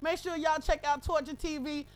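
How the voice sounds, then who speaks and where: A woman's voice: sits high, fairly even intonation, moderate pace, faint music behind. A woman hosting a radio show, breaking down a rap verse in emphatic, profane casual commentary full of rhetorical questions.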